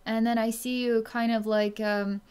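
A woman speaking as a psychic energy healer in a solo reading, talking slowly and softly with many pauses and fillers. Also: fairly high pitch, flat delivery, clean tone. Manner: slow, hesitant speech with many pauses and fillers; soft and quiet when tuned in. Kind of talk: solo reading monologue to camera.

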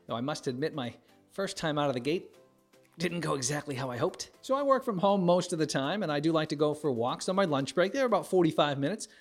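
Middle-aged man, from the United States, stand-up comedian, observational monologue, animated character bits, faint music behind. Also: a little fast. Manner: animated, acts out characters with big pitch jumps.

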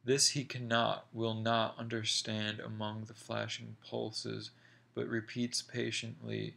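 A man reading a short story aloud in a slow, deliberate, measured way. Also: on the low side, monotone, gravelly, bright, forceful tone. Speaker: reader.

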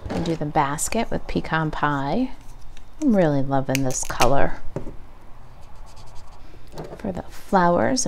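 A woman's voice: lowish voice, vocal fry, noisy background. A woman demonstrating a craft project step by step, chatting and thinking aloud as she works at a home craft table.

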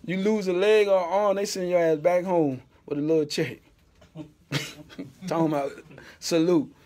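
A middle-aged man with a Central Florida accent, hosting a podcast with loud, laughing, profane storytelling. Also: high voice, steady tone, moderate pace. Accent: Southern US, Central Florida. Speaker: podcast host. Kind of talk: casual podcast banter.

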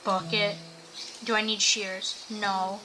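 A woman's voice: medium pitch, level tone, slow. Chatty young woman streamer, noisy background. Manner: chatty, thinks aloud, addresses chat. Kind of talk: casual gameplay commentary. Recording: audible background noise.

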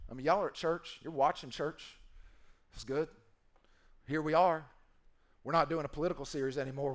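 A pastor with a fairly high voice preaches playfully and emphatically. He acts out quoted voices and repeats key phrases.

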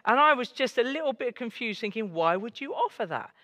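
A man's voice: high voice, animated, brisk, few pauses, sharp tone, no echo, studio quality. A middle-aged man preaching at a church carol service, telling funny personal stories before turning earnest. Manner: storytelling, jokey, shifting to earnest. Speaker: pastor. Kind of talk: sermon with humorous stories.

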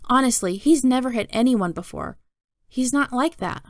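A woman's voice: fairly high pitch, animated, normal speed, no echo, studio quality, pitched above the performer's own voice, close to an everyday voice. A woman voicing a worried, exasperated mother who pleads and raises her voice, reading a storybook aloud. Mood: upset.

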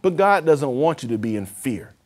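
A man preaching and praying as host of a televised sermon, his voice swelling louder and then dropping low. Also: very animated, normal speed. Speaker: apostle and TV program host.

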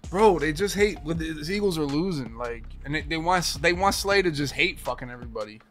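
A man's voice: a little high, lively intonation, fairly quick, a bit bright. A man commentating his own gameplay, swearing and ranting as he plays. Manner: profane, ranting, talks to himself. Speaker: gaming streamer. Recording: music playing behind. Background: game music.

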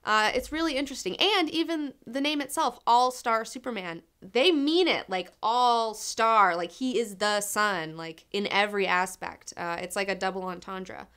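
A woman's voice: medium pitch, normal speed, few pauses, fairly bright tone, smooth. A young woman casually reviewing comics, enthusiastic, swearing freely and saying "like" a lot.

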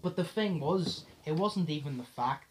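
Slight background noise sits under this young man's voice, which is on the high side and moves at a normal speed. Hosting his podcast, he chats through a story, acting out what people said and laughing and swearing throughout.

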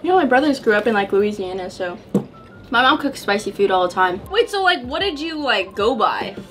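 A woman's voice: mid-range voice, very animated, a little fast, music in the background. A young woman giggling and teasing her way through a casual spicy-food question game. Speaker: guest in a challenge video. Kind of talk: casual chat.

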